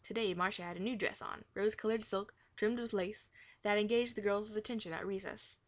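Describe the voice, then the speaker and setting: Lady reading a kids' chapter book out loud, gentle, stumbles and fixes a word here and there. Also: medium pitch, fairly even intonation, brisk. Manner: gentle, with occasional self-corrections. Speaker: reader of a children's book. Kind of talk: storybook read-aloud.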